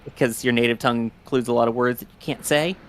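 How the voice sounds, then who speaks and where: Male co-host for live launch-pad commentary; chatty, jokey, quick. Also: medium pitch, steady tone. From New York–New Jersey border. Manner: joking, chatty, quick asides. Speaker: livestream co-host.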